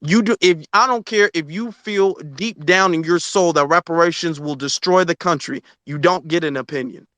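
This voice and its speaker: A man's voice: fairly high pitch, moderate pace, hardly any pauses, bright, forceful tone, dry recording. Emphatic man hosting a live debate. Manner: emphatic, insistent, lecturing. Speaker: host of a Twitter space discussion. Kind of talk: live audio room debate.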